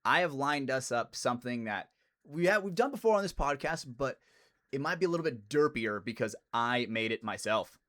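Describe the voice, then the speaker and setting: Young male podcast co-host, casual banter, laid-back, mid pitch, says dude a lot. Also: animated, moderate pace, a bit bright.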